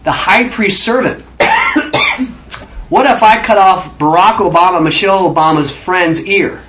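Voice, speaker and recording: Man teaching a bible study, raised pitch, informal and rambling, acts out quotes, dull lo-fi sound. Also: wildly swooping pitch, measured pace, a bit bright. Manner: rambling, acts out scripture figures.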